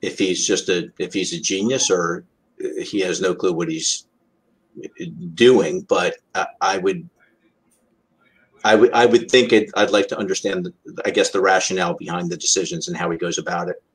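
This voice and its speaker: A man's voice: deep voice, fairly even intonation, slightly rough, rough recording. A man guest on a casual interview, answering thoughtfully with a few restarts. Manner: thoughtful, measured, some restarts. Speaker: guest, cigar company executive.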